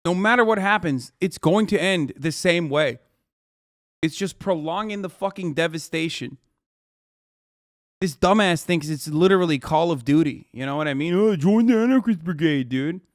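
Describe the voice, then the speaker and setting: A man reacting to a news video on a livestream, ranting angrily and swearing heavily, his voice rising into shouts. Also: a little high, normal speed, no room sound, clean studio sound. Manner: profane, angry ranting.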